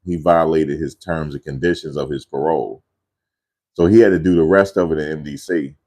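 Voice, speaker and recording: A man's voice: rumbling low, fairly even intonation, fairly quick, a little mellow. A man casually telling a rambling family story in a loose, slangy way, often repeating himself.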